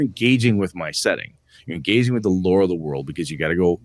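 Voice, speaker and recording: Deep-voiced, animated podcast host. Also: male voice, fast talker, dry recording. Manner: animated, acts out quotes with rising pitch. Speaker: podcast co-host and game master. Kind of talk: casual podcast chat.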